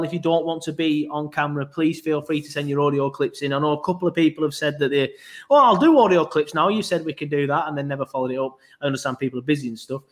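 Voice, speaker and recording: Rambling podcast host. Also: male voice, on the high side. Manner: rambling, full of ums and asides. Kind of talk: casual podcast chat.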